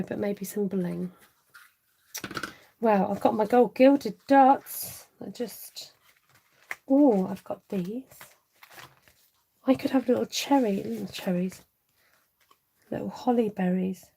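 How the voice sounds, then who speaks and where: Her voice is medium-pitched, dark and husky with vocal fry, and the audio is poor. This middle-aged stamping craft demonstrator chats and laughs through a live tutorial, reading viewer comments aloud and answering them as she works.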